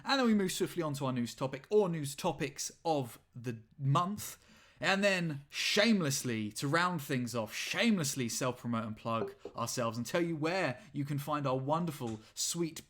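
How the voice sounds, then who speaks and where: A man's voice: on the high side, lively intonation, moderate pace, a bit bright. Jokey man hosting a gaming podcast. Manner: jokey, self-mocking intro. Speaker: podcast host.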